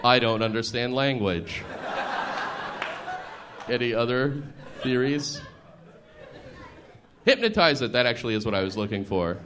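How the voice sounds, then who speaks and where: A man's voice: mid-range voice, animated, measured pace, pauses often, a crowd in the background. A male stand-up comedian riffing with the audience, chatty and laughing as he goes. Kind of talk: stand-up with crowd work. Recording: live stage recording with clear noise.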